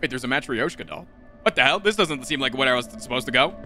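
A young man streaming a game live, talking to his chat in an excitable, profane, rambling way. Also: mid-range voice, fast, soft background music. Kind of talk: casual live-stream commentary.

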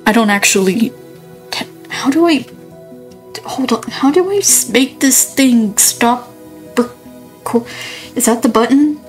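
A woman's voice: fairly high pitch, takes it slowly, pauses often, soft background music, rough recording. A woman giving casual gameplay commentary, rambling and thinking aloud, often cutting herself off mid-sentence. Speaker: let's player.

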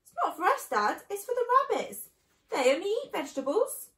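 A woman's voice: extremely high pitch, sing-song, moderate pace, sharp tone, voice pushed up, exaggerated voice. A woman voicing a small, earnest young fox cub in a storybook reading. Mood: eager. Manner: eager and earnest. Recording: echoey room.

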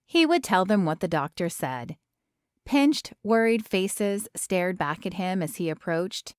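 A woman's voice: on the low side, animated, a little slow, clean tone, no room sound. Woman narrating an audiobook, dry sound.

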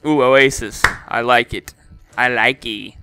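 A man's voice: mid-range voice, fairly even intonation, measured pace, pushed and bright. A young man giving live gameplay commentary, swearing often and breaking into frustrated outbursts.

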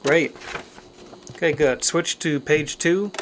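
A man runs an audition in a brisk, businesslike manner for a comedy sketch. His voice sits slightly high, with a faint hiss behind it. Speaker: casting director.

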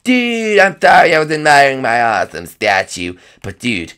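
A man's voice: huge pitch swings, normal speed, clean tone. A man doing a hyper dinosaur dude. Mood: excited. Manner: yells "dude" in a high, bursting voice. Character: excitable young male dinosaur buddy. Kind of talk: comedic game role-play.

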